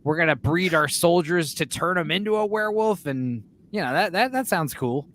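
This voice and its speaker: A man talking in a casual podcast chat, excitable and profane, acting out scenes with growls and shouts. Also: on the high side, normal speed, slight background noise. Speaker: podcast co-host.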